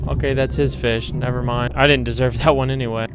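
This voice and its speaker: A young man commentating and narrating a horror game, excitable and slangy, swearing often. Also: mid-range voice, fairly quick, over loud music. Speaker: gaming YouTuber.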